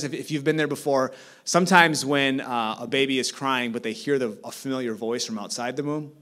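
A man in his thirties sharing a personal testimony as a guest speaker at church, storytelling warmly and growing animated. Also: medium pitch. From South Korea. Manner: storytelling, animated when excited, soft in prayerful parts. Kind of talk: testimony sermon.

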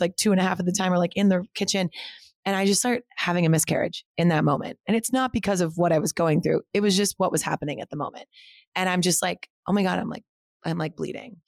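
A woman in her thirties, a guest on an interview podcast, telling a personal story in a rushed, casual way, full of 'like' and 'right?'. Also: mid-range voice, no room sound, clean studio sound. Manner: rushing, heavy use of 'like'. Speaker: interview guest, studio co-founder.

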